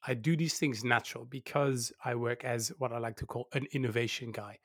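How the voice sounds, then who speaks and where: A man giving candid advice as an interview guest, lively and laughing, often acting out the doubting voices he quotes. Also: medium pitch, brisk, slightly rough, no echo, studio quality. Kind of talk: casual interview conversation.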